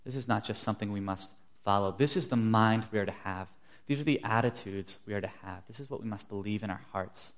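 A man's voice: fairly low pitch, a little fast. A young man preaching a sermon, earnest, telling stories and acting out the quotes he gives. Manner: earnest, storytelling with acted-out quotes.

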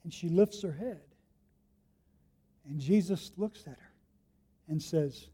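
A man preaching a sermon, telling the story vividly and swinging between hushed and loud delivery. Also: on the high side, takes it slowly, pauses often, slightly rough. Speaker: pastor.

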